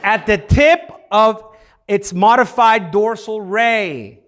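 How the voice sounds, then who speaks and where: Guy teaching youth group, high voice, takes his time, gets the kids to repeat words back. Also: slow pace, a bit bright. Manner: interactive, has the audience repeat words; playful, jokes with the room. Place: youth service room.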